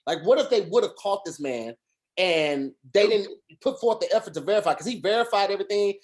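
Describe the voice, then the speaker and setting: A man's voice: high-pitched, expressive, brisk. A man co-hosting a casual podcast chat over a video call, talking earnestly in long rambling runs with restarts and fillers. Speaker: podcast co-host.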